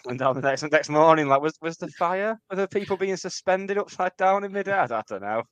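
A man with a smooth, clear voice co-hosting a casual music podcast. He drops in dry, teasing quips. The recording is close and dry. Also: on the high side, lively intonation, brisk, a bit bright, no room sound, lo-fi sound. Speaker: podcast co-host.

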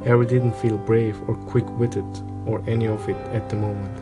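A man calmly narrating a storybook aloud, with an even reading pace and small slips. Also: fairly low pitch, moderate pace, over loud music. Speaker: audiobook reader.

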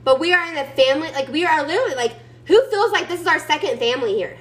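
Sassy high-voiced woman on a video call. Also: lively intonation, quick pace, poor audio. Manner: sassy, chatty, emphatic, addresses listeners as y'all. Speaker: team leader speaking to her sales team. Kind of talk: motivational pep talk.

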